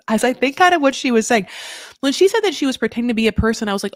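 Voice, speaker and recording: A woman hosting a comedic recap, chatty and animated, laughing often and acting out quotes. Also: a little high, brisk, long pauses, no echo, studio quality. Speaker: comedic recap podcast host.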